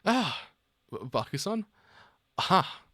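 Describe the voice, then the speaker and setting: A man voicing a timid, high-strung young man in a manga read-aloud, speaking in a startled, stammering way. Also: sing-song, slow pace, bright, forceful tone, slightly rough, no echo, studio quality, heavily acted.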